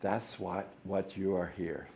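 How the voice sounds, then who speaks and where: Mellow-voiced man giving a chatty sermon. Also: low-pitched, slow, gravelly. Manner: conversational, self-deprecating, leads call-and-response. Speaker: guest minister.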